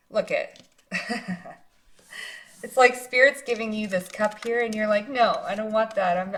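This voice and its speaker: A woman giving a casual pick-a-card tarot reading, speaking straight to the viewer in an encouraging way and tagging her points with "right?" and "like". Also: lowish voice. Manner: casual, chatty, often tags lines with "right?" and "like". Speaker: psychic tarot card reader.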